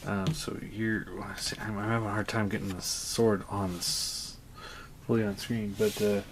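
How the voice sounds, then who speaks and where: A man casually reviewing a toy on a home vlog, talking in a hesitant, relaxed way full of ums and uhs. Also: lowish voice, unhurried, background noise.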